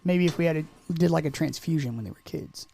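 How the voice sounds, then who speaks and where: Casting: male podcast co-host, a bit high-pitched, rambling and jokey. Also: creaky, warm tone, slight background noise. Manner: rambling, jokey, quick to put on silly voices. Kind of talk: casual chat.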